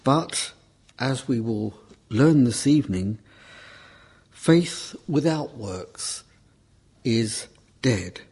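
A man preaching a Bible class talk at an unhurried, deliberate pace. His voice is slightly husky, and he leans on key words and repeats them for emphasis. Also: fairly low pitch, darkish tone. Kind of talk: sermon.

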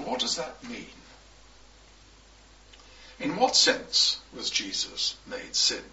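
Man preaching a sermon, bright gravelly voice, roomy dull recording. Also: mid-range voice, slight background noise. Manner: slow, emphatic, measured delivery with pauses between phrases. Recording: echoey, distant, dull recording.

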